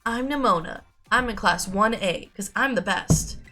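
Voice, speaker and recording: A woman's voice: medium pitch, unhurried, pushed and bright, soft background music, pitched above the performer's own voice. A woman with a sore throat reading the lines of an eager, battle-loving teenage girl in a peppy way. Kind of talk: reading game dialogue aloud.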